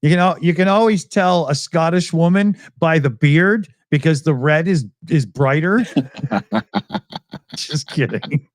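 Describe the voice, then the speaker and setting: A man's voice: on the high side, measured pace, no echo, studio quality. A Canadian man co-hosting a casual online chat show, rambling and joking with frequent laughs. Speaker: podcast co-host.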